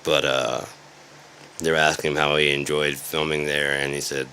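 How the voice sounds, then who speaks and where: A deep, forceful male voice delivering a sarcastic, rambling rant. He swears freely and jumps from point to point like an online commentator sounding off. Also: little pitch movement, moderate pace, slight background noise. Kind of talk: ranting commentary.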